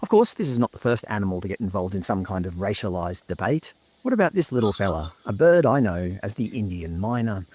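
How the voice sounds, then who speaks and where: A man's voice: fairly low pitch, very animated, brisk, hardly any pauses, a little mellow, husky, no room sound. A man narrating a scripted commentary video in a sardonic, mocking manner.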